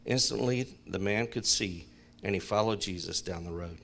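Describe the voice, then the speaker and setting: A man in a church Bible class reading a scripture passage aloud, clear and expressive. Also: sits low, normal speed.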